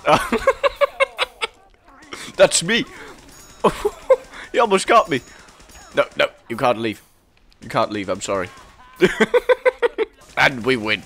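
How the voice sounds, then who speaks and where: A young man giving casual, excitable commentary while playing a game, laughing often and calling out to the other players. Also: mid-range voice, slow, creaky, long pauses. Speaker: gameplay commentator.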